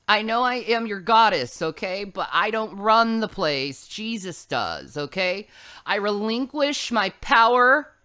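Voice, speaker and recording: A woman's voice: medium pitch, expressive, unhurried, sharp tone. A woman delivering a scolding religious rant, preachy and full of profanity. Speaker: religious online streamer. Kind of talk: ranting preachy monologue.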